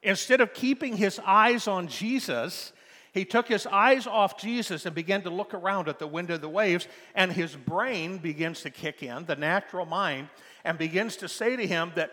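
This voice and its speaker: High-voiced man preaching with animated fervor. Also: moderate pace, big-room sound. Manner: animated, rising to loud emphatic peaks. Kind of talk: sermon.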